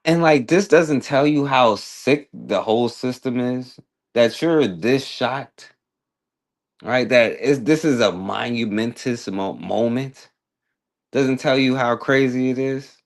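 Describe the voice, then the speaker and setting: A man's voice: mid-range voice, takes it slowly. A man hosting a talk radio show, giving blunt, emphatic commentary with a sarcastic edge.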